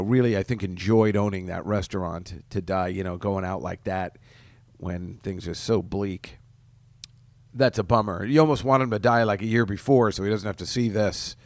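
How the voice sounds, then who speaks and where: A man's voice: fairly low pitch, dry recording. A man hosting a podcast, telling casual stories in a rambling, self-interrupting way with frequent chuckles. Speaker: podcast host. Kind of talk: casual solo podcast chat.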